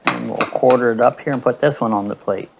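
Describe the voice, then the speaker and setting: A man's voice: medium pitch, brisk, creaky, background noise. Chatty male cooking host, everyday mid-range voice, easygoing demo delivery. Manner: chatty, addresses viewers as guys.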